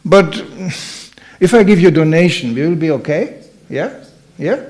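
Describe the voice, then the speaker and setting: A man acting out a soft, coaxing male merchant who pleads to settle things with money. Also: on the high side, lively intonation, normal speed, close to an everyday voice. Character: soft wheedling male merchant eager to pay off conflict.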